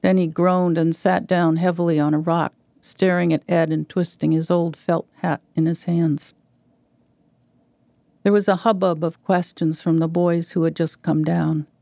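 Gravelly woman reading a story. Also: on the low side, little pitch movement, a little slow, warm tone, no room sound. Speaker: guest reader. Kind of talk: literary reading.

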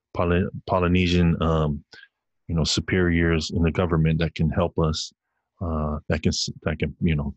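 A man's voice: low-pitched, no room sound, lo-fi sound. A young man hosting a solo podcast, rambling off on heated, profane tangents. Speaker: podcast host.

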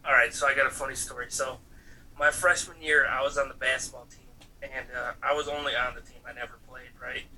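A man telling funny stories in casual chat, animated and jumping into high voices when he quotes people. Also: a little fast, far from the mic, rough recording. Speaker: podcast co-host.

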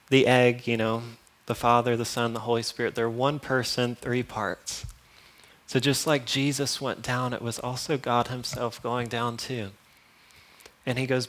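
Male preacher, mid-pitched, earnest sermon delivery with wry sarcastic asides, punchy loud emphasis dropping to hushed lines. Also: level tone, measured pace. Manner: earnest, with playful sarcasm and chuckles.

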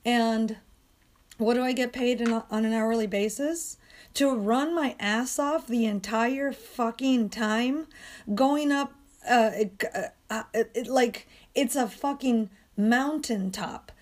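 Hoarse, strained woman, profane venting monologue, exasperated and ranting. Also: fairly high pitch, takes it slowly. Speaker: dog walker and coach.

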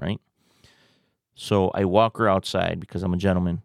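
Low gravelly man telling a story. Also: steady tone, brisk, dry recording, studio quality. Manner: profane, rambling, tag questions. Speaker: podcast host. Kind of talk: casual storytelling.

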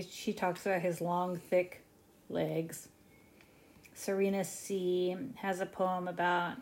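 Chatty, wry young woman podcaster. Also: lowish voice. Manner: chatty, wry, quick asides and jokes. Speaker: podcast co-host. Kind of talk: casual recap chat. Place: home kitchen while cooking.

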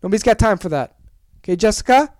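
A young adult podcast host on a comic solo rant, talking in an exaggerated, animated way and swearing freely. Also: mid-range voice, fast talker, no room sound.

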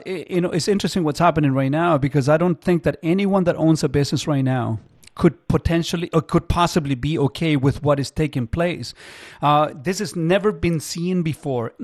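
A man hosting a call-in radio show from a studio microphone, earnest and halting, with many fillers. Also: on the high side, no room sound. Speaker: radio talk show host.

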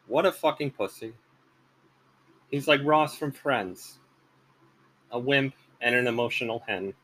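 A man's voice: mid-range voice, a bit bright, pitched above the performer's own voice, poor audio. A man voicing a whiny, heartbroken male dictator pleading for a lover's return.

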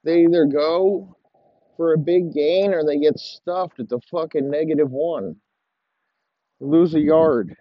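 A man's voice: fairly high pitch, measured pace, no echo, highs cut off. A man hosting a podcast, ranting profanely and rambling in heated complaint. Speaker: podcast host. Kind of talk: profane casual rant.

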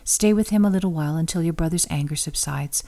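An anxious scheming mother urges her son on, voiced by a woman reading aloud. Her voice is warm and lowish. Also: quick pace. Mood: urgent.

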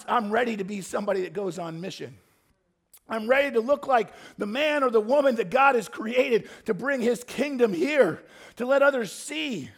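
A male pastor delivering a sermon with a high-pitched, gravelly voice. He jokes casually with the congregation, then builds up into fervent, shouted pleading. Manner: swings from soft asides to fervent shouted pleading prayers; conversational, joking with the congregation.

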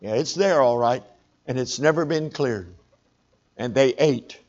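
A man's voice: mid-range voice, a little slow, a little mellow, lo-fi sound. A man preaching a sermon, telling a story conversationally and calling for amens.

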